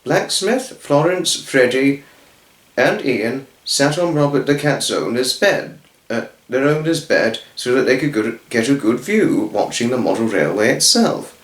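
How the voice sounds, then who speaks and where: A man's voice: medium pitch, lively intonation, measured pace. A man reading a children's story aloud, rambling and often correcting himself. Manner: rambling, with frequent self-corrections. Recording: roomy echo.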